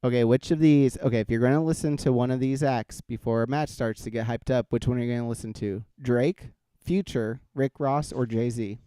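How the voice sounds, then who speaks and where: A man's voice: mid-range voice, brisk, dark tone, clean tone, dry recording. A man hosting a casual talk show, rambling with lots of fillers and laughing often. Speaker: podcast host. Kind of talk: casual chat.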